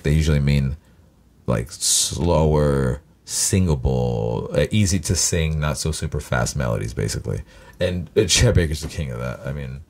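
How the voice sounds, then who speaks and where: A man's voice: a bass voice, darkish tone. A man hosting a reaction video, talking in a rambling, profane way with lots of fillers and "you know what I mean". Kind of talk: rambling casual monologue.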